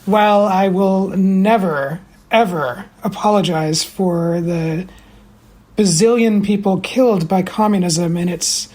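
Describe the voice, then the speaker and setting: A man delivering a recorded message in slow, deliberate, deadpan, mock-pompous sarcasm. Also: sits high. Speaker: former guest sending a recorded message.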